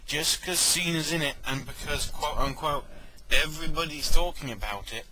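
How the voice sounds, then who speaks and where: A man's voice: on the high side, moderate pace, noisy background. A man giving a casual spoken review, rambling and correcting himself, with joking asides. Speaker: wrestling event reviewer.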